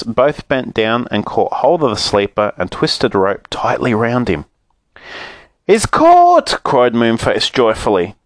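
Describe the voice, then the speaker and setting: Animated man reading a children's story. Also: on the low side, no echo. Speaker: narrator.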